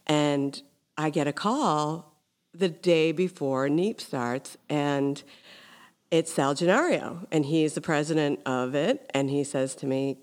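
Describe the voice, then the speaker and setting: A woman hosting a podcast interview, telling stories in an animated way, with lots of casual fillers. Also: low voice, slow. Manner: animated storytelling, frequent "like" fillers. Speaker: podcast host.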